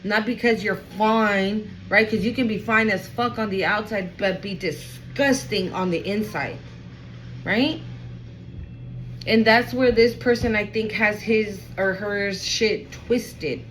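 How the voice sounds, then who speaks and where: A woman's voice: mid-range voice, takes it slowly, rough recording. A woman reads tarot cards in a loose, chatty vlog from her home, her voice sitting in a middle range. She talks in a slangy way, leans hard on fillers, and rambles from point to point. A faint hiss of background noise runs under her voice. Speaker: tarot reader. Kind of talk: casual tarot reading vlog.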